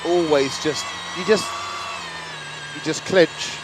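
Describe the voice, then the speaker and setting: A man's voice: on the high side, slow pace. A man giving a chatty, self-mocking running commentary while driving, as a car reviewer host. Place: inside a car and on a town street. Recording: loud car and traffic noise behind.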